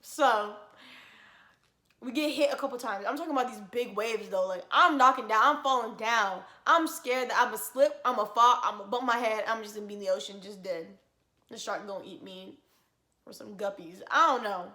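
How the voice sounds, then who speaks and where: Young woman vlogger, storytime, bright voice, loud laughs, real dramatic, echoey room. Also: on the high side, normal speed. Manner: animated, laughing often, dramatic retelling. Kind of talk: casual storytime.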